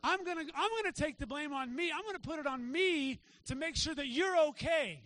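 A man preaching a sermon to his church, talking in a casual way and checking in with the congregation with quick asides. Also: extremely high pitch, a bit bright. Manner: conversational preaching with frequent "right?" asides. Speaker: pastor. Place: church sanctuary.

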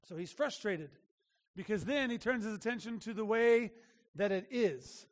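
Man, pastor, sermon, high voice, earnest, emphatic, restarts, long hall reverb. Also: lively intonation, normal speed.

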